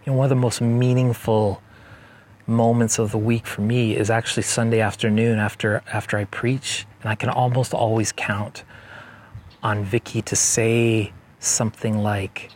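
A man preaching a sermon as pastor, conversational and joking, slowing down to stress key points. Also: lowish voice, level tone, a little mellow, slight background noise. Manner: conversational and joking, slows down for emphasis. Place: church service.

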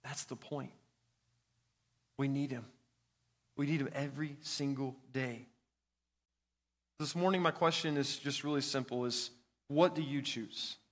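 A man's voice: medium pitch, steady tone, measured pace, long pauses. A young man, a student pastor, preaching a sermon in an earnest storytelling way. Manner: earnest, storytelling with a child's anecdote. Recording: reverberant hall.

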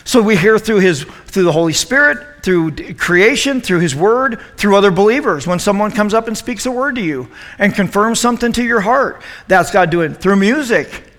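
Youth pastor, man, high voice, animated and joking, preaching in an echoey hall. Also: normal speed, hardly any pauses. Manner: animated, joking, asks the room questions. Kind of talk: youth group sermon.

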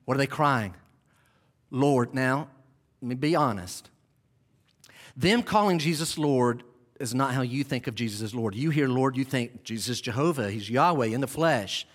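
A male pastor preaching a sermon in an animated, dramatic storytelling manner. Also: mid-range voice.

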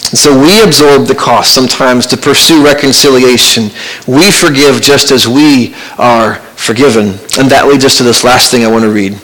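A man preaching a sermon as pastor, earnest and conversational, with pauses and restarts. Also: medium pitch, fairly bright tone, poor audio.

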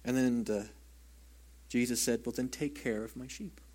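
A man preaching a sermon in an earnest, conversational way, sometimes dropping to a hushed voice and often asking his listeners "right?". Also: mid-range voice, steady tone, normal speed. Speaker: pastor.

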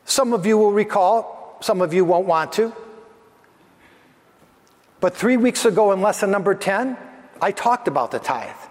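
A man's voice: high-pitched, animated, a little slow, long pauses, darkish tone, big-room sound. A man preaching a sermon as pastor, earnest and building his points through repeated phrases.

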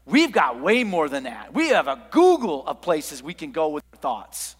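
A man preaching a sermon as pastor, swinging from hushed asides to loud, emphatic lines. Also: fairly high pitch, huge pitch swings, normal speed, slightly rough, long reverb tail.

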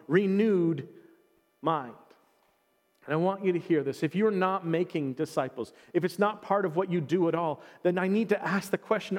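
High-voiced preacher in a reverberant hall. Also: male voice. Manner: earnest, emotional storytelling with repeated restarts. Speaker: pastor. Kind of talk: sermon with storytelling.

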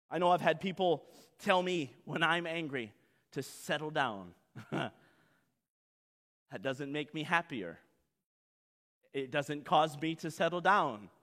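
A man pastor preaching a sermon dramatically, acting out voices and swinging from loud to soft. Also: high-pitched, in a large hall.

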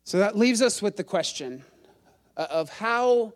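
A man's voice: high voice, animated, a little slow. A middle-aged male pastor preaching a sermon in a chatty, self-deprecating storytelling way, quizzing the congregation.

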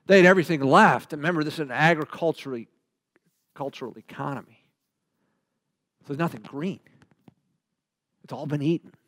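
A man preaching a verse-by-verse Bible sermon, animated and full of rhetorical questions, dropping from loud to hushed. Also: a little high, a little fast, pauses often, no room sound, studio quality.

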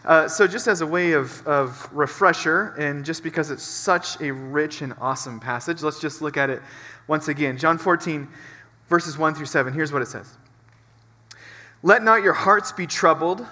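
A man's voice: fairly high pitch, moderate pace, bright, forceful tone. A man preaching a sermon as pastor, emphatic and driving points home through repetition. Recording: long reverb from a large hall.

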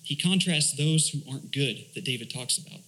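A man's voice: mid-range voice, brisk, sharp tone, low-quality recording. A man, a church elder, preaching a sermon, asking rhetorical questions, reading scripture aloud and explaining Hebrew words.

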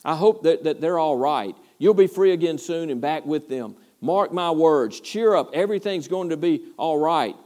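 Preacher guy putting on a cheerful roman jail guard, higher pitched, folksy and reassuring. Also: lively intonation, normal speed, few pauses, dark tone, lightly acted. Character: kindly Roman prison guard, male adult.

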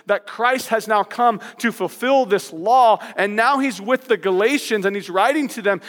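A male pastor preaching a sermon in a lively, conversational way, hammering points home with playful repetition. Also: sits high, big-room sound.

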